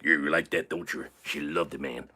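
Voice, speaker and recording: A man's voice: a bass voice, fairly even intonation, normal speed, pushed and bright, husky, heavily acted. A man playing a crude, boastful character on a live stream, talking rowdily and sounding tipsy from shots. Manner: crude, rowdy, swaggering banter. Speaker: livestream host.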